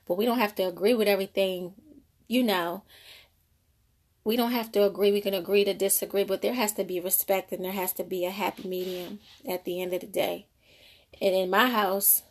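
A woman in her thirties, a mother of two, talking casually about parenting and faith in a rambling, conversational way. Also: mid-range voice. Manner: conversational, rambling, frequent "you know". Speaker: mother sharing parenting thoughts. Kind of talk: casual faith-based monologue.

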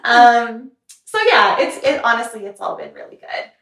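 A woman's voice: on the high side, expressive, moderate pace, a bit bright. A young woman who owns a salon, answering interview questions in a chatty, earnest way with many fillers. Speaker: salon owner and hair remover. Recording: echoey room, mic a little distant.

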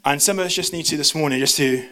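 A young man, preaching a sermon in a church service as an animated storyteller who jumps into quoted voices. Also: fairly high pitch, fast.

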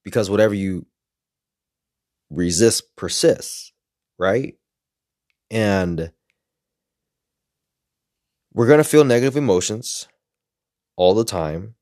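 A man's voice: on the low side, a little mellow, dry recording, studio quality. A man speaking frankly and reflectively in a casual personal monologue, swearing often as he shares his own experiences. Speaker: self-help creator.

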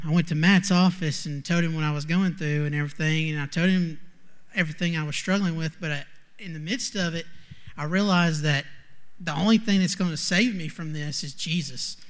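An earnest young man gives a personal testimony. His voice sits somewhat high, and he keeps stopping to search for words, filling gaps with "like.". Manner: earnest, halting, heavy on "like". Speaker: student sharing a testimony.

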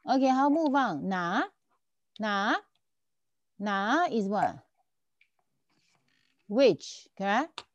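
Tutor, woman, lively up-and-down voice, patient and repetitive, dull dry sound. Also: mid-range voice, very slow, long pauses, no echo. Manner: patient, repeats and checks understanding often. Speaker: Chinese language teacher. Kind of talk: online tutoring lesson.

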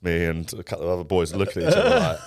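A man, co-hosting a podcast in casual, lively chat and swearing often. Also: sits low, very fast, no echo, studio quality. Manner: lively, swears often, acts out friends' lines. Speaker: podcast co-host.

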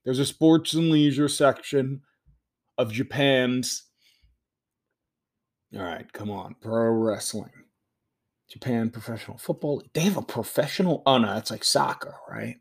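Excitable man muttering through a game. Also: medium pitch, a little slow, gravelly, long pauses, slightly rough. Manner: excitable, swings from loud outbursts to muttering. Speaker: podcast host. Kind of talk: casual live commentary while playing a game.

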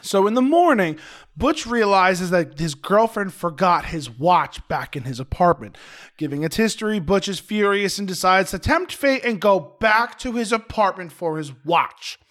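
A man's voice: high-pitched, normal speed. A man co-hosting a podcast, animatedly recapping a film in casual chat. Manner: animated storytelling with playful impressions. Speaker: podcast co-host.

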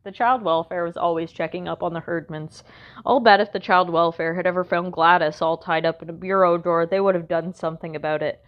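Wry low-voiced woman narrating a storybook. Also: steady tone, a little fast, highs cut off. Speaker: audiobook narrator. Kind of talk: first-person storybook narration.

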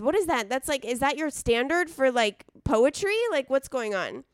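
A woman co-hosting a podcast in casual chat, blunt and animated, swearing freely. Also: sits high, moderate pace, no room sound. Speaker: podcast co-host.

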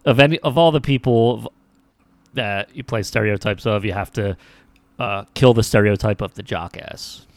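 A man's voice: fairly low pitch, normal speed, no echo. A man co-hosting a podcast, making laid-back, wry remarks about a movie. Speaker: podcast co-host. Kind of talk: casual movie review chat.

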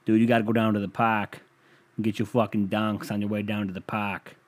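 A man's voice: fairly low pitch, little pitch movement, a little fast, natural voice. A man playing a crude, rowdy young guy in a put-on Brooklyn accent.

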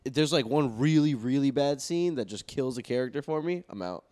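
A man's voice: mid-range voice, animated, a little fast, darkish tone, a little hiss or hum. A young man in casual chat with friends, laid-back and slangy, laughing often.

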